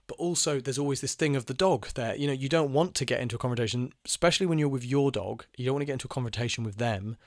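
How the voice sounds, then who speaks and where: A young man talks through a personal story in a loose, unscripted monologue. He rambles, restarts his sentences and swears freely. His voice sits at a middle pitch, and the sound is dry and close with no room echo. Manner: rambling, frank and profane, with many fillers and restarts. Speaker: channel host telling personal stories. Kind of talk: casual monologue.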